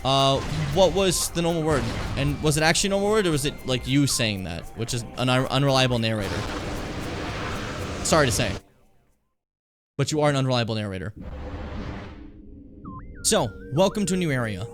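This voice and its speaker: Excitable man doing casual game commentary, very animated delivery, cursing freely, soft music underneath. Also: medium pitch, normal speed, long pauses. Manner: excitable, swears, bursts into mock rage. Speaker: streamer.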